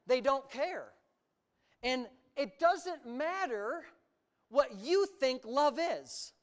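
A US preacher with a high, animated voice gives a sermon at a very slow pace. He talks emphatically, stretching out words for emphasis and tossing in sarcastic asides.

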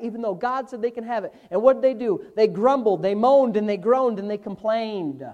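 A male pastor, preaching a Bible lesson, slowing down and swelling in volume when he quotes scripture. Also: high voice, darkish tone. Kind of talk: sermon.

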